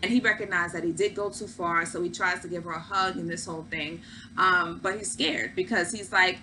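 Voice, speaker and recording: A woman's voice: on the low side, sharp tone, a little hiss or hum, low-quality recording. A woman hosting a casual recap of a reality show, chatty and opinionated, with lots of fillers. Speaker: host.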